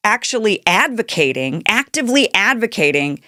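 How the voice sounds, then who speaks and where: A woman's voice: fairly low pitch, moderate pace, no room sound, studio quality. A woman hosting a political commentary show, talking off the cuff in an indignant tone, firing rhetorical questions and restarting her sentences. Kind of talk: unscripted political commentary monologue.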